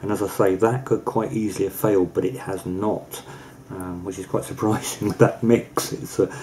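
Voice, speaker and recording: Chatty man reviewing vape flavours, mellow voice. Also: low-pitched, steady tone, moderate pace, slight background noise, rough recording. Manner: chatty, laughs easily, repeats words while thinking. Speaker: e-liquid reviewer, co-host. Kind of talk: casual review chat.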